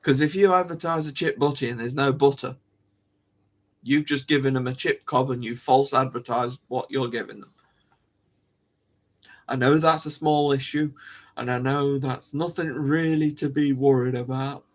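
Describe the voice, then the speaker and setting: A man's voice: mid-range voice, steady tone, normal speed. A man hosting a live stream, rambling and musing aloud to his viewers in casual chat, coughing now and then.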